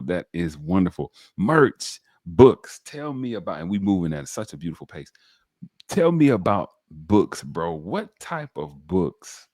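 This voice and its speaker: Man, podcast host, very deep voice, dry close sound, animated. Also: no room sound. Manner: animated, preacher-like, addresses viewers directly. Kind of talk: enthusiastic interview talk.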